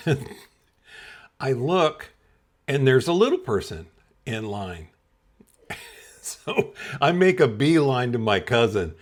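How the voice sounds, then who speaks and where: A man's voice: mid-range voice, sing-song, takes it slowly, long pauses. Chuckling man telling a funny story. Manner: chuckles often while telling. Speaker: podcast host. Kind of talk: comedic personal storytelling.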